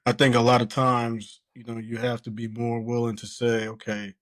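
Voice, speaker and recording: A man's voice: medium pitch, monotone, moderate pace, a bit bright, no echo. A man co-hosting a podcast, talking earnestly and reflectively, with lots of "you know" and "like". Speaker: podcast co-host. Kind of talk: casual chat.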